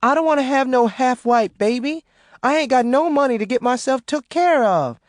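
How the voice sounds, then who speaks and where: A man's voice: extremely high pitch, lively intonation, normal speed, no room sound, clean studio sound, pitched above the performer's own voice. Man voicing a pleading, tearful young woman. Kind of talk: audiobook character voice.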